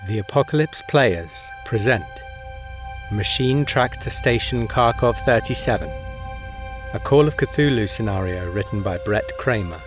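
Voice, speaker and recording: A man's voice: lowish voice, lively intonation, unhurried, soft background music. A man announcing the cast of a podcast in a formal, scripted way.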